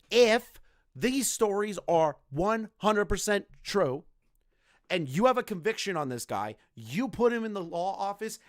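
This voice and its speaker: A man streaming from home, ranting in heated, profane, sarcastic commentary. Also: high-pitched. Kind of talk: livestream commentary rant.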